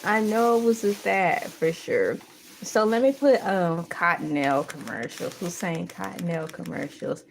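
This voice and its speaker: With a fairly low voice full of vocal fry, a woman leads a casual morning livestream, slow-paced and full of jokes, sung bits, and laughter. A little hiss or hum runs under the audio.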